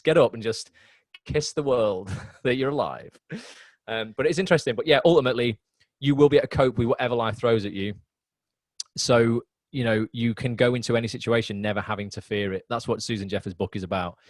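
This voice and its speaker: A man's voice: medium pitch, fairly quick, no room sound. A man, an acting mentor, talking earnestly in a rambling, motivational way over a video call, full of fillers like "you know". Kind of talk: casual video-call chat.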